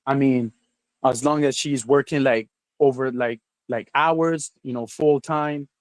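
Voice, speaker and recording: A man hosting a livestream, chatting casually in a rambling, halting way with lots of fillers and restarts, sometimes with his mouth full. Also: medium pitch, fairly even intonation, no room sound. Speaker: livestream host. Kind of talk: rambling casual stream chat.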